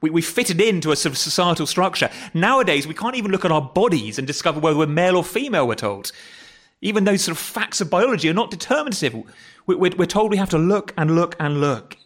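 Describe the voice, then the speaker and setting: Chatty preacher with a raised pitch. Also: male voice, expressive, fast, a bit bright. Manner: conversational, asks the congregation rhetorical questions; stumbles and repeats words, corrects himself. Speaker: pastor. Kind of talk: sermon. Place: church.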